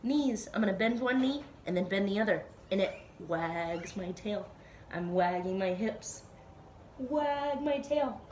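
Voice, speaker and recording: A woman teacher guiding children through a slow, playful yoga flow with animal sounds, recorded at home. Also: mid-range voice, darkish tone, reverberant, a little hiss or hum. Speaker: Montessori teacher leading kids' yoga. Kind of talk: gentle guided yoga instruction for children. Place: at home, dog nearby.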